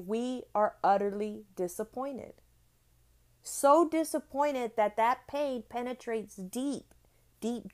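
A woman's voice: fairly high pitch, darkish tone. A middle-aged woman giving an earnest motivational talk. She repeats phrases for emphasis and often checks in with "right?". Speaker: motivational speaker.

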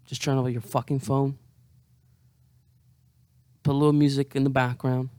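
A man's voice: mid-range voice, little pitch movement, normal speed, mellow, smooth, no echo. A hungover young man rambling to camera in a profane, self-mocking monologue. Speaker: vlogger.

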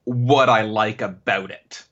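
Husky Canadian man, easygoing guest. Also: on the low side, takes it slowly, fairly bright tone, lo-fi sound. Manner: easygoing, wry, chatty. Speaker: podcast guest. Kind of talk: casual chat.

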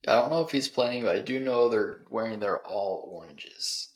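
A man with a very low voice hosts a casual sports podcast. His delivery is dry and sarcastic, and he leans on ums between his thoughts. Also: lively intonation, normal speed. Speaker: podcast host.

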